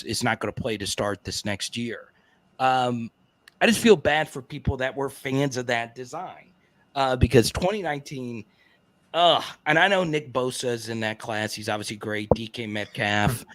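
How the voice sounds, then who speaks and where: A man's voice: medium pitch, no echo. A man chatting as a guest analyst on a live stream, emphatic, often tagging his points with "right?" and "okay?". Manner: emphatic, keeps checking in with 'right?' and 'okay?'. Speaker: guest card market analyst. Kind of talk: casual live-stream chat.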